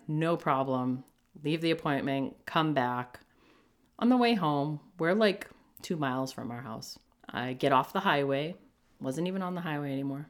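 A middle-aged woman with a low voice tells a personal story on her podcast. She talks casually and with animation, acting out what people said and laughing as she goes. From New England. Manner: animated, jumps into quoted voices, laughs often. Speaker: podcast host.

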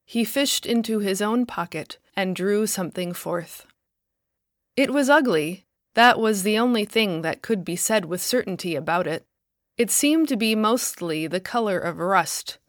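A woman author and podcast host reading her own fiction in a measured, careful scripted narration. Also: mid-range voice, no room sound, clean studio sound. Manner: measured, careful storytelling delivery.

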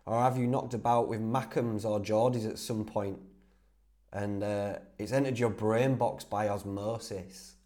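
Chatty North Yorkshire podcast host. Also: male voice, lowish voice, fairly even intonation, unhurried, a little mellow. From Whitby, North Yorkshire, England. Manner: chatty and laddish, laughs easily, restarts often. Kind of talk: casual solo Q&A.

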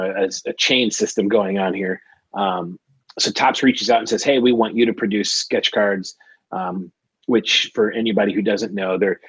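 A man's voice: fairly low pitch, husky, no room sound, muffled recording. A man talking as a guest on a casual podcast, explaining his freelance work with many fillers and restarts. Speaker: guest, trading card artist.

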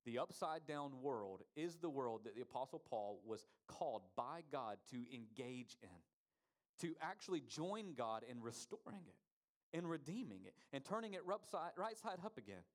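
A man's voice: mid-range voice, big pitch swings, normal speed. A man preaching a sermon, asking the congregation rhetorical questions and stressing key words. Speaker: pastor.

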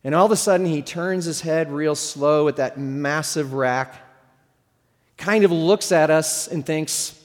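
A man's voice: fairly high pitch, measured pace. A middle-aged man preaching a sermon as pastor, telling stories in a conversational, humorous way. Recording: long hall reverb.

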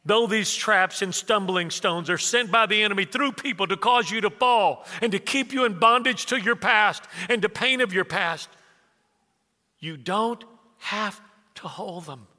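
A man, preaching a conversational sermon full of stories, swinging from hushed asides to loud bursts. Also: high-pitched, a little slow. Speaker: pastor. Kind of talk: sermon with storytelling. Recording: reverberant church hall.

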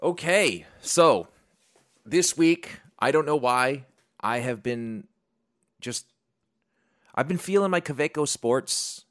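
A man's voice: mid-range voice, animated, takes it slowly, pauses often, a bit bright, dry recording, studio quality. A man hosting a podcast, chatting casually and reading sponsor spots in a rambling, jokey, self-deprecating way. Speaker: podcast host. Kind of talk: casual unscripted chat and sponsor reads.

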